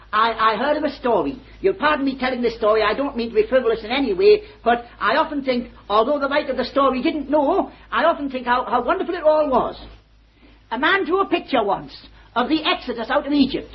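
A man's voice: very high-pitched, expressive, brisk. An older man preaching a sermon, fervent and joyful, often breaking into exclamations and laughter. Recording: dull old lo-fi sermon recording.

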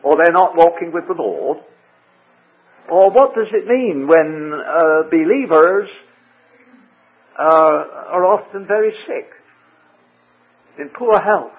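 A man teaching through a Bible passage verse by verse, measured and full of rhetorical questions. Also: fairly high pitch, lively intonation, husky. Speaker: preacher. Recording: tinny phone-like radio broadcast.

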